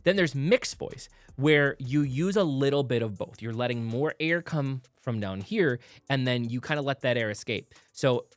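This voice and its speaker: A man's voice: medium pitch, expressive, normal speed, hardly any pauses, no echo. A man co-hosting a casual music reaction show who explains vocal technique in plain terms, with lots of "like" fillers. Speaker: music producer and co-host.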